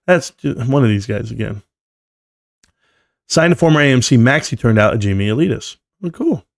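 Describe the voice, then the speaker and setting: A man in his forties hosting a casual live stream, reading viewer comments aloud in a loose, joking, slangy way. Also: mid-range voice. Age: 40s. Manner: loose and joking, slangy, often says "bro".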